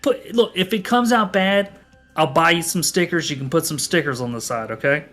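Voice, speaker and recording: A man voicing a pushy, smooth-talking male android who brushes off every worry in a tabletop game. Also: a little high, fairly bright tone, faint music behind, close to an everyday voice. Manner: pushy, dismissive, fast-talking.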